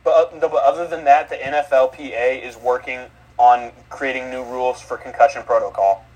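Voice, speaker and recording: A man's voice: medium pitch, steady tone, fairly quick, darkish tone, poor audio. A man co-hosting a sports podcast, recounting games in a rambling way full of filler words. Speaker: co-host. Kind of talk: casual sports podcast chat.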